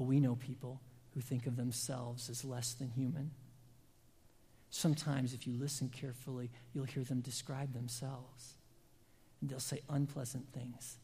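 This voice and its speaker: A preacher gives a sermon in a church sanctuary, and the voice trails off into a long hall reverb. The delivery is emphatic, full of dramatic pauses, and swings from loud passages to hushed, near-whispered lines. The pitch sits in an ordinary middle range. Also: slightly rough.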